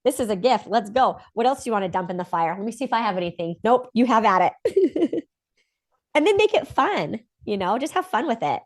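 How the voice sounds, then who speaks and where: A woman hosting a podcast, chatting casually and upbeat about spiritual topics with quick asides. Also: fairly high pitch, big pitch swings. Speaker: podcast host.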